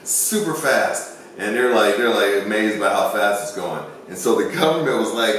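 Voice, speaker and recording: This man's voice sits lowish, a bit bright, with lively intonation and a moderate pace. He's chatting casually, wandering from story to story and performing the quoted lines. The room echoes, the mic is distant, and there's a light hiss.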